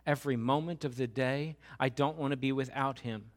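A middle-aged man preaching a sermon as pastor, dropping to a hushed, slow voice and then building to loud, emphatic questions. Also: medium pitch.

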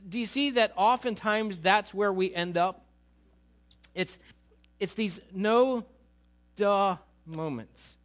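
A man preaching a sermon, conversational and animated, often asking his listeners questions. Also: high voice, slow pace, long pauses. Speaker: pastor.

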